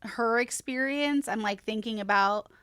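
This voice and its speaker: A woman's voice: on the high side, unhurried, a bit bright, smooth, no echo, studio quality. A woman in her thirties, a podcast guest, giving a plain-spoken, grieving account with heavy sighs.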